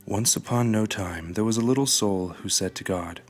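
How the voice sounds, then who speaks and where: Low-voiced man reading a storybook. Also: moderate pace. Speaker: narrator. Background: faint guitar music.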